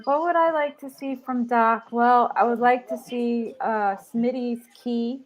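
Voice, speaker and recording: A woman co-hosts a casual sports podcast in a fairly high voice. She is blunt and opinionated, and she teases her co-hosts. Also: fairly even intonation, unhurried, poor audio. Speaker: podcast co-host.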